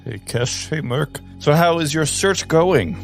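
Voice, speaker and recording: A man playing a chirpy lively space pirate. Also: on the high side, measured pace, vocal fry, faint music behind. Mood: friendly. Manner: chirpy, overly polite. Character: cheerful polite male space pirate.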